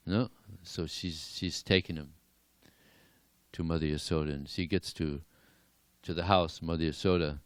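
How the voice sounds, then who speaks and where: A deep-voiced man tells devotional stories in a temple class, animated and chuckling now and then. His delivery is relaxed and conversational. The recording is dry and close. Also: normal speed, smooth, dry recording. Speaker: lecturer. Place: temple hall.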